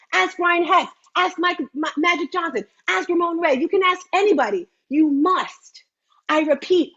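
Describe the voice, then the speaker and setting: A woman in her fifties hosting an online fitness meeting, chatty and animated, repeating phrases for emphasis. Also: high voice, dull audio. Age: 50s. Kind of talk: lively live-stream pitch.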